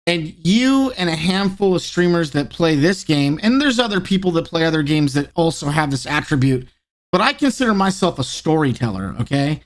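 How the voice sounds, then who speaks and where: Give me a high-pitched man hosting a podcast, animated and chatty, slipping into voices when quoting others. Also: moderate pace. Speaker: podcast host. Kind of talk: casual podcast chat.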